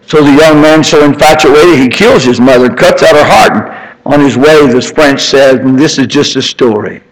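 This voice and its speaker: An older man preaching an impassioned sermon, climbing to high emphatic peaks and then dropping into soft, tender storytelling. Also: moderate pace, rough recording.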